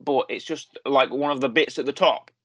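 A man's voice: medium pitch, steady tone, normal speed, a bit bright, no echo. Rambling man in casual review chat. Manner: rambling, self-correcting, lots of fillers. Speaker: podcast host reviewing a series.

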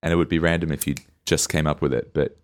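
A man with a deep, low voice co-hosts a casual comedy podcast. He rambles through his points and laughs often between lines. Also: level tone, fast talker. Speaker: podcast co-host.

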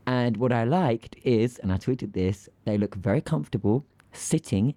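A man with a British accent co-hosting a casual podcast, telling animated stories and acting out little scenes. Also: mid-range voice, normal speed, dry recording. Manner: animated storyteller, acts out scenes. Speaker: podcast co-host.

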